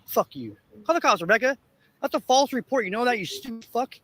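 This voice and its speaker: A man's voice: very high-pitched, expressive, brisk, fairly bright tone. A man livestreaming from a public sidewalk, taunting and cursing at people in an aggressive, profane rant. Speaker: street streamer. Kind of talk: confrontational livestream ranting. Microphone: handheld camera.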